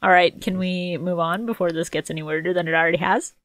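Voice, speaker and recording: A woman co-hosting a casual podcast chat, profane and quick to laugh, with animated outbursts. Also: lowish voice, no room sound. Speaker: podcast co-host.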